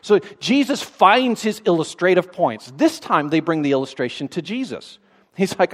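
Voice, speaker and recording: A man's voice: high-pitched, expressive, moderate pace. A man preaching a sermon in a conversational way, with dry sarcastic asides.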